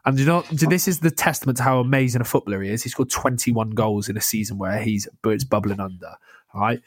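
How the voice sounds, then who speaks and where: A young man in casual football chat, talking with a passionate rush and constant restarts. His voice sits at a middling pitch. The sound is close and dry, with no room at all. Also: slightly rough, no echo. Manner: passionate, rapid, many restarts. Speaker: podcast co-host.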